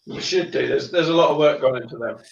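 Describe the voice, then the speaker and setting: Man, dry wry humour, gravelly voice, echoey dull remote audio. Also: mid-range voice, fast talker. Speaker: guest. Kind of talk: casual chat.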